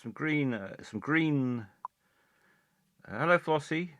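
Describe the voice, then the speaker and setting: A man hosting a comic live stream, rambling along with halting speech full of fillers and restarts. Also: on the high side, lively intonation, a bit bright, no echo.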